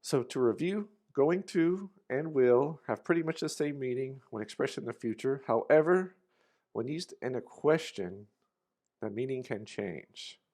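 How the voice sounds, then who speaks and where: A man teaches an English grammar lesson in a loose, casual way. His voice sits at an ordinary middle pitch, and he drops in easy fillers as he explains. The delivery feels like a friendly walkthrough. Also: animated, measured pace, a little mellow.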